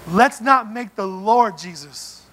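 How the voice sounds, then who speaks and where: A man preaching a sermon in a church, animated and playful, acting out little scenes as he goes. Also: high voice, slow pace, slight background noise. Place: church sanctuary.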